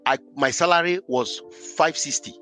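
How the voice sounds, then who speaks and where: A man, a podcast guest, telling his life story in an animated, emphatic way. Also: fairly high pitch, normal speed, faint music behind. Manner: animated, emphatic, acts out scenes. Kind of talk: personal storytelling in conversation.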